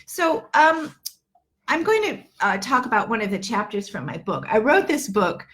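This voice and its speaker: A woman's voice: on the high side, sing-song, moderate pace, fairly bright tone, slight background noise. Woman, 50s, English teacher, live online lesson, chatty, earnest, lots of fillers and restarts. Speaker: English teacher and accent coach.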